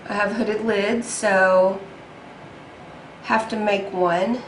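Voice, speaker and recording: A woman's voice: mid-range voice, steady tone, extremely slow, reverberant, slight background noise, poor audio. A young woman talking through a makeup tutorial in a chatty, self-deprecating way, with frequent ums. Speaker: beauty vlogger.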